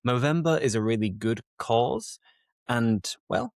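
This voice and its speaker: A British man hosting an English-learning podcast, teaching in a slow, clear and playful way. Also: mid-range voice, dry recording, studio quality. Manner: playful, lively and animated.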